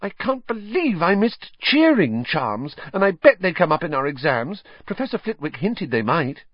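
A male narrator voicing a flustered, anxious studious teenage girl in a high, squeaky pleading voice. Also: very animated, normal speed, breathy edge, no room sound, lo-fi sound. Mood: fretful.

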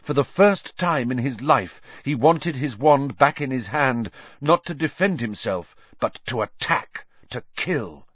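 A man reading a story aloud in a dramatic, measured audiobook style. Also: medium pitch, animated, slightly rough, dry recording, highs cut off. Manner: dramatic, measured, varied delivery. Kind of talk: audiobook narration.

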